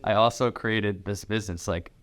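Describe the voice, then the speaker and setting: A low, smooth-voiced man who rambles. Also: steady tone, moderate pace. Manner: rambling, heavy use of "like". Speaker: podcast co-host. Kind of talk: casual podcast conversation.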